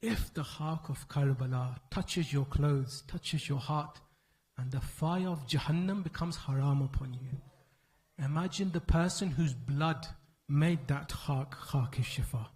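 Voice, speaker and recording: A man giving an emotional mourning sermon at a religious gathering, telling the story in a slow, solemn, mournful way. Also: a little high, darkish tone, rough recording.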